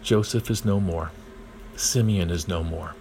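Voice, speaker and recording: A man's voice: deep voice, measured pace, vocal fry, warm tone, a little hiss or hum. A man voicing a grieving, stubborn old father in a storybook reading.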